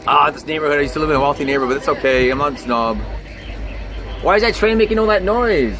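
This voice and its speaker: A man's voice: fairly high pitch, fast. A man filming a storm on a handheld camera, making crude jokes as he rambles. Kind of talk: casual on-camera chat. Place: outdoors then a basement. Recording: noisy outdoor phone video, wind.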